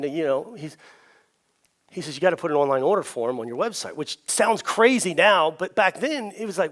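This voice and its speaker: Energetic middle-aged man giving a keynote. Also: a little high, fairly quick. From Ohio. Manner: energetic, repeats words and restarts. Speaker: conference speaker. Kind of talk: storytelling keynote speech. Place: event stage.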